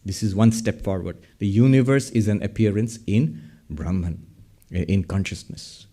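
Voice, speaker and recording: A man's voice: lowish voice, dark tone. A man giving a public lecture from a podium. He explains ideas step by step and keeps asking the audience questions. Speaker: lecturer on Vedanta. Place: hall with a podium. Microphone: speaking at a podium.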